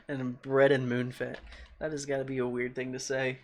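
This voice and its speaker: A young man streaming a game, rambling and joking in a casual, often quiet voice, talking into a desk microphone at home. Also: medium pitch, monotone, normal speed. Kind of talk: casual gaming stream commentary.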